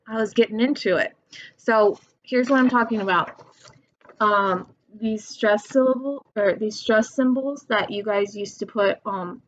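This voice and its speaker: Slow, patient woman teacher. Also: mid-range voice. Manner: slow, patient, reads verse aloud tapping out stresses. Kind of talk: recorded remote lesson for students. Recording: dull lo-fi home recording.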